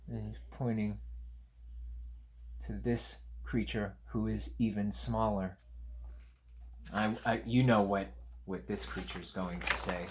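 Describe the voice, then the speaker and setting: A man reading a picture book aloud to young children, chatting gently about the pictures between pages. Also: on the low side, takes it slowly, long pauses. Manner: animated, gentle, talks to young listeners. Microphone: camera on a tripod.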